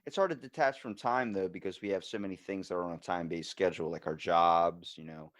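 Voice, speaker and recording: A man's voice: deep voice, fast, no room sound, clean studio sound. A man hosting a casual podcast, telling everyday stories in a loose, profane way and acting out what people said. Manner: casual, profane storytelling, acts out quotes.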